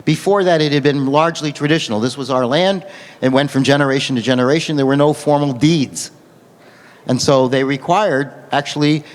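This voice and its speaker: A man giving a lecture and answering audience questions in a measured, explanatory way. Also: a little high. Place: large conference hall. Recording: long hall reverb.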